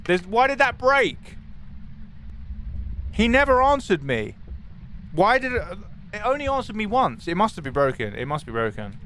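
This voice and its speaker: Young man, game streamer, excitable, swears, slightly higher pitch, faint background noise. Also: moderate pace, long pauses. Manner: excitable, swears, talks to chat. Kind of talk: live gaming stream commentary.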